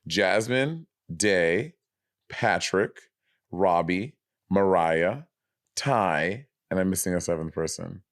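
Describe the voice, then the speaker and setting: A man in his thirties co-hosting a podcast, chatting casually with animated, quick reactions. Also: sits low, no echo, clean studio sound. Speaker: podcast co-host. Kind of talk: casual chat.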